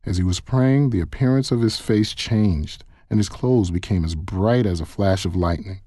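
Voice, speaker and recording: A man reading a Bible passage aloud in a measured, even way. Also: lowish voice, no echo, studio quality. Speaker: Bible reader. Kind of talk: scripted scripture reading.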